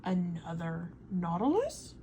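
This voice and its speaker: A woman reading a storybook aloud, voicing an excitable, learned male servant who lists facts precisely and rises high when excited. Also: takes it slowly, a little hiss or hum, exaggerated voice. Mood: curious.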